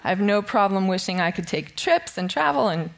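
A woman's voice: medium pitch, lively intonation, brisk, creaky. A middle-aged woman giving a casual, self-deprecating Bible study talk, laughing often and a bit shaky with nerves. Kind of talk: informal teaching talk.

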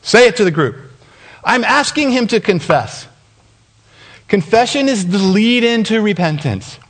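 A male pastor preaching with a high, bright voice that swoops up and down. He tells the story in a lively way and acts out each side of the conversation, laughing now and then. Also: unhurried. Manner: animated, acts out dialogue with laughs. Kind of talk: sermon storytelling. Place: church sanctuary.

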